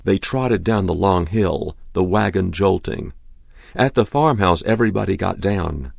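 A man narrating a short story in a measured, deliberate reading. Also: deep voice, vocal fry, darkish tone, no echo.

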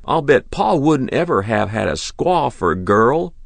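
A man's voice: mid-range voice, sing-song, measured pace, creaky, no room sound, pitched above the performer's own voice, heavily acted. A man voicing a cheeky younger farm boy who tattles and teases. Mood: bratty. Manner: bratty teasing.

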